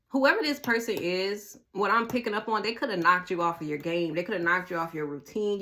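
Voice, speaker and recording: Blunt, animated woman doing a tarot reading. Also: lowish voice. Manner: animated, blunt, swears freely, talks straight to the viewer. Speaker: tarot reader. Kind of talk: casual tarot reading to viewers.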